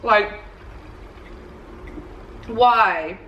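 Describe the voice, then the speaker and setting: A woman's voice: medium pitch, very slow, fairly bright tone, muffled recording, a little hiss or hum. A young woman, a fitness coach, chatting casually in a vlog and telling stories packed with "like". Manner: chatty storytelling, full of "like". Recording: roomy, distant, faint ambience.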